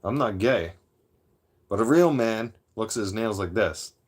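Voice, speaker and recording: Aggressive, profane streamer. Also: male voice, on the low side, expressive, unhurried. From Toronto, Canada. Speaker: live streamer. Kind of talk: live-stream rant.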